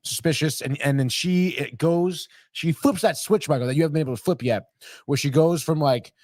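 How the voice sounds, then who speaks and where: A man's voice: fairly high pitch, no room sound, clean studio sound. Profane, rambling man recapping a show. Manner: profane, rambling, animated retelling with quick impressions. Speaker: podcast host. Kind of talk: casual recap chat.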